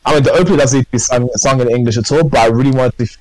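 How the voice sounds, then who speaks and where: A man's voice: mid-range voice, very fast, darkish tone, no echo, low-quality recording. Man, casual podcast co-host, rambling, eager, dry recording. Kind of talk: casual chat.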